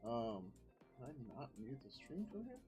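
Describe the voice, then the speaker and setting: A man streaming live as a software developer, rambling casually with lots of ums as he thinks aloud over his work. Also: mid-range voice, sing-song, normal speed, music in the background. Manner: rambling, many ums, muttering to himself. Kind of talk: casual thinking-aloud commentary while coding.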